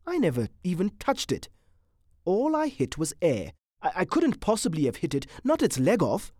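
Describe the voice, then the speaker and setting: A reader voicing a gentle, soft-hearted wife who is squeamish but kind, with a high, animated, tender delivery. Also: female voice, normal speed, no echo, studio quality. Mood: fond, lively.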